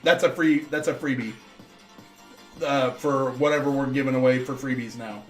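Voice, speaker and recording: A man's voice: mid-range voice, steady tone, moderate pace, soft background music. A man co-hosting a livestream, teasing his partner dryly and reading chat messages aloud. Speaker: livestream co-host. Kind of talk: casual chat.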